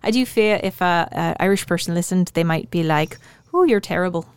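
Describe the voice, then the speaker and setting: A woman's voice: on the low side, brisk, very noisy. A woman co-hosting a podcast, chatting casually and playfully, often laughing as she asks questions. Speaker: podcast co-host. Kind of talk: casual chat.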